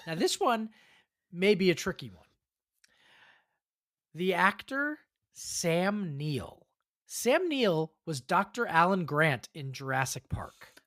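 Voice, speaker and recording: A woman's voice: lowish voice, sing-song, takes it slowly, long pauses, fairly bright tone. A woman hosting a podcast, running a quiz for her co-hosts in an upbeat, encouraging way. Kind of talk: casual podcast chat.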